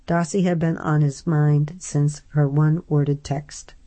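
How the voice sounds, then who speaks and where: Low-voiced woman narrating an audiobook. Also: fairly even intonation, measured pace, mellow.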